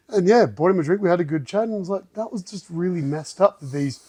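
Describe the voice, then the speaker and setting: A man telling a story as a podcast guest, animated and acting out other people's lines. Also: high voice, brisk, breathy edge, no echo. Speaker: guest, martial arts gym owner. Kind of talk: casual storytelling in a podcast chat.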